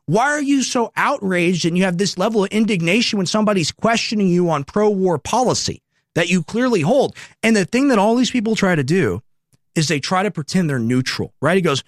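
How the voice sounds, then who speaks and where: High-voiced young man ranting on air. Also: expressive, fairly quick, no room sound, clean studio sound. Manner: emphatic, repetitive rhetorical questions. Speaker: radio host. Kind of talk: political commentary monologue.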